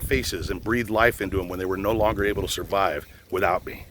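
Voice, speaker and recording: An older man, a retired police officer, talks bluntly and swears freely. His speech swings widely up and down in pitch, and faint outdoor noise sits behind him as he rants from a boat in a swamp. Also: lively intonation, a little fast, a bit bright. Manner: blunt, profane and heated. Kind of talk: outdoor rant.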